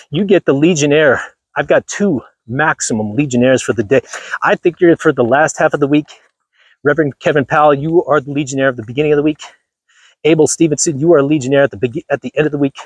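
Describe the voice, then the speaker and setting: A man's voice: fairly high pitch, husky, no room sound. A man hosting a livestream, ranting emphatically to his viewers and repeating himself for effect. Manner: emphatic, repetitive, addresses viewers directly. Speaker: channel host.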